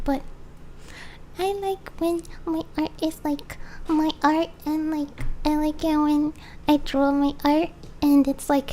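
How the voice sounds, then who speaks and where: Young female streamer, chatty and giggly, rambles while drawing; high, warm tone. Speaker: streamer and artist. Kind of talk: casual live-stream chat. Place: home, background noise heard. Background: faint lawnmower noise.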